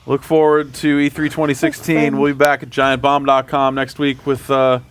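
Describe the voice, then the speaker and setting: A man's voice: mid-range voice, completely flat delivery, normal speed, smooth. A middle-aged man hosting a live stream, talking in a dry, sarcastic way and swearing casually. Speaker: host.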